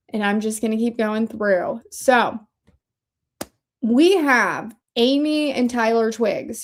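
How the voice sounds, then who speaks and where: A woman hosting a casual commentary livestream, who talks in a chatty, rambling way and often interrupts herself. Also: a little high. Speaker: livestream host.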